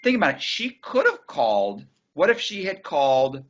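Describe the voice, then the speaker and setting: A man's voice: fairly high pitch, wildly swooping pitch, moderate pace, fairly bright tone, highs cut off, slight background noise. A man in an interview telling a story casually and bluntly, acting out the dialogue and swearing freely. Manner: acts out dialogue from his story.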